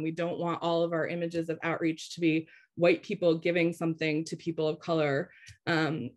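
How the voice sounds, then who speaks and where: Woman presenting, voice going hoarse. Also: lowish voice. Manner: conversational, checks in with "right?". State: losing her voice. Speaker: webinar presenter. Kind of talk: slide-based webinar presentation.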